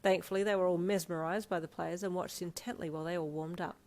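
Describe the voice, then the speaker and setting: A woman narrating a second-person fan fiction story in an expressive storytelling manner. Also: lowish voice, fast.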